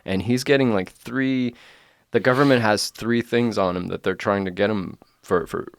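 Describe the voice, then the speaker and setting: A man's voice: on the low side, normal speed, vocal fry, no echo, studio quality. A man, hosting a podcast, telling a story in casual chat and swearing freely. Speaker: podcast host.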